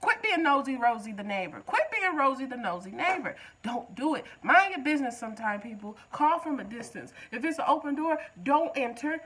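Animated woman reviewing a TV episode. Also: sits high, brisk, hardly any pauses, husky, poor audio. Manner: animated, joking, talks back to the show. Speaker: TV recap vlogger.

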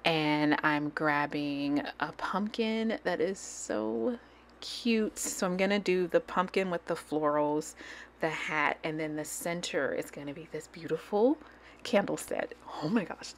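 A low-pitched woman talks casually into a desk microphone at home as she decorates her digital planner. She rambles, gushes, and slips into soft, near-whispered asides. Faint room ambience sits underneath. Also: a little hiss or hum. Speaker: planner channel host.

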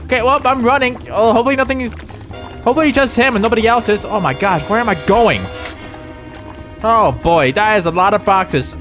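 Young dude gaming, jumpy, yelling and cussing at jump scares, rambly after, high voice. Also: male voice, fairly quick, soft background music. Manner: excitable, yelps and swears at scares; rambling, self-correcting outro recap. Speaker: gaming YouTuber. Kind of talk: reactive gameplay commentary.

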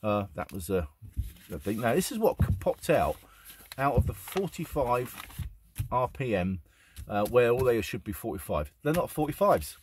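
A man's voice: mid-range voice, very animated, normal speed, a little mellow, slight background noise. A man, chatting casually and enthusiastically as he shows off his finds to the camera. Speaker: record collector vlogger. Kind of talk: casual chat.

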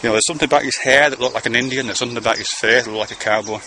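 A man's voice: medium pitch, fairly even intonation, racing, noisy background. A man talking to his son in a meandering, conversational monologue, swearing casually now and then. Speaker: father speaking to his son. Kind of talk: rambling monologue to camera.

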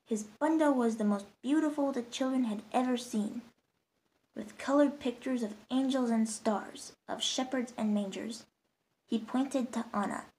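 A woman storyteller narrating a holiday storybook tale in a gentle, steady way. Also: on the high side, unhurried, poor audio.

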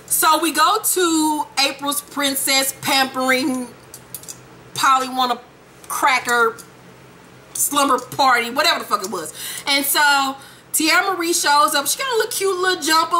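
A woman's voice: sits high, moderate pace, pushed and bright, a little hiss or hum. A woman hosting a casual gossip recap of a reality show, profane and sassy, acting out the voices of the people in it.

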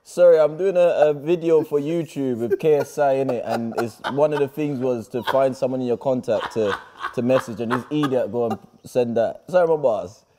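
A man's voice: medium pitch, moderate pace, dark tone, a little hiss or hum. A young man in casual chat, joking around with slang. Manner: joking, slang-heavy, apologetic laughs.

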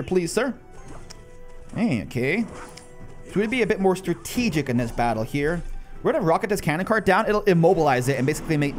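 A man with a high, very lively voice comments on his own game matches in casual streamer fashion. He swings from quick, low asides to loud, incredulous shouts. Soft music plays underneath. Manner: excitable, bursts into high disbelieving shouts. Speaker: gaming channel host. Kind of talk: live gameplay commentary.

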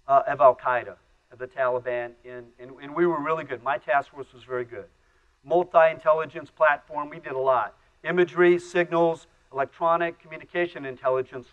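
A man's voice: on the high side, fairly bright tone, highs cut off. A middle-aged man giving a conference talk, telling plain-spoken, folksy stories and laughing at his own anecdotes. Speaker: conference speaker. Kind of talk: storytelling keynote talk. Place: conference stage.

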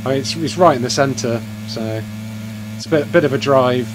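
A man's voice: mid-range voice, normal speed. Chatty man streaming a game. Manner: chatty, laughs often, swears. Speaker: streamer playing with friends. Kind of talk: casual gaming chat. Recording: noisy game audio behind voice.

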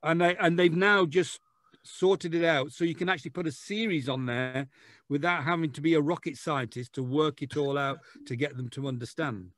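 A man, a guest author chatting on a podcast and telling jokey, lively stories. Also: fairly high pitch, normal speed, no echo, studio quality. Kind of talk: casual podcast chat.

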